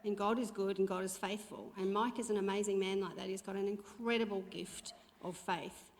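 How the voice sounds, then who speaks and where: A woman's voice: medium pitch, steady tone, brisk. Chatty woman telling stories in a church hall. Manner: chatty, heartfelt storytelling with fillers. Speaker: church speaker sharing testimony. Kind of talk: church testimony talk. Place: church auditorium. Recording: long reverb of a church hall.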